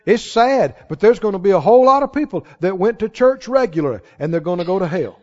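A man's voice: high-pitched, expressive, fast, a little mellow. A male pastor preaching a sermon with emphatic, rising declarations to a church congregation. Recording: dull sound with long hall reverb.

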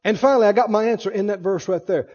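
A male preacher with an unusually high, mellow voice delivers his sermon with emphatic call-and-response. The recording is dull and lo-fi. A long hall reverb trails after every phrase. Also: fast.

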